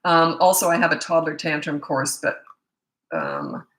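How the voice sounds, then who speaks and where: A woman's voice: sits low, very animated, unhurried, a bit bright, echoey room, low-quality recording. Blunt, tired-voiced woman parenting coach. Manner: blunt, casual, loses track mid-thought. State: losing her voice. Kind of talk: live Q&A, answering viewer questions.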